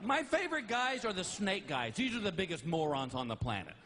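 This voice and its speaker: Male stand-up comic, very high voice, wildly lively delivery, shouted rants. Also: fairly quick, a little hiss or hum. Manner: animated storytelling with shouted outbursts. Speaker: stand-up comedian. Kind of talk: stand-up comedy. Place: stage before a live audience.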